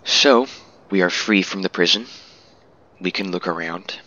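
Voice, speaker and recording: A man's voice: low voice, measured pace, pushed and bright. A man giving casual, laid-back commentary over a game walkthrough, amused at himself at times, on a dull lo-fi mic.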